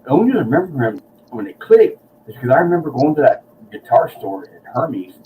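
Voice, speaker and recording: A man's voice: medium pitch, sing-song, fast, far from the mic, phone-quality sound, slight background noise. A man hosting a casual chat, telling a rambling, profane story and acting out what people said. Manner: rambling, profane, acts out quotes. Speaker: host. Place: guitar shop or room, San Antonio.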